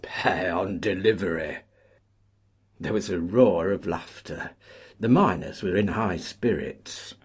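Deep breathy-voiced male storyteller. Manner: measured, expressive storytelling. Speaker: narrator. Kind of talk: audiobook narration.

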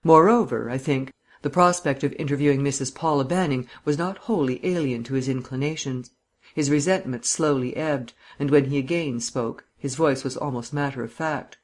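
A man narrating an audiobook in a measured, even reading. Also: medium pitch.

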